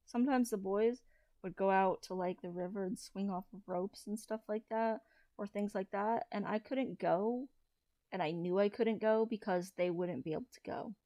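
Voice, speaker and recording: A trans man in his thirties, talking through a personal confessional vlog in a low-key, hesitant way with frequent restarts. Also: moderate pace, dark tone, dry recording. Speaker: vlogger.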